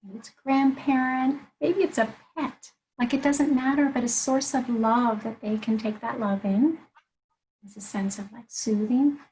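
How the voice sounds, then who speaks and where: A woman's voice: a little high, fairly even intonation, a little slow, darkish tone, a little hiss or hum, low-quality recording. A woman life coach in an interview conversation, explaining her approach earnestly and laying out her points one by one.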